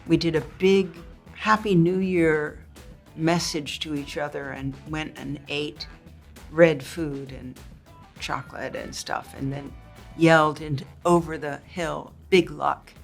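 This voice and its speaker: Low-voiced actress, lively and laughing. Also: female voice, a little slow, faint music behind. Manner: animated, reminiscing, laughs often. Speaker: actor being interviewed. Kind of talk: casual interview chat.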